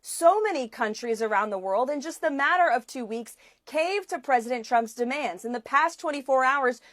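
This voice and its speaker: A woman's voice: high voice, lively intonation, moderate pace, a bit bright, dry recording. A woman giving a prepared press statement with a confident, formal delivery.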